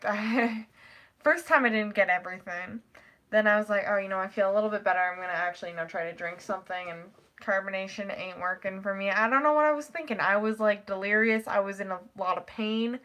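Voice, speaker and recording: A teenage girl chatting straight to camera in a casual storytime vlog. She rambles through the tale, peppering it with "like" and acting out her own quoted lines. Her voice sits at an ordinary middle pitch for a young woman. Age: teens. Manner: rambling, animated retelling with frequent "like" and laughs. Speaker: vlogger.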